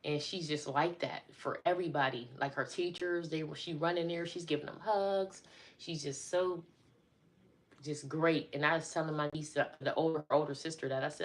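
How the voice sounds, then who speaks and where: Low-voiced chatty woman live-streaming. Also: steady tone, moderate pace. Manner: chatty, addresses viewers as y'all. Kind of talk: casual live-stream chat.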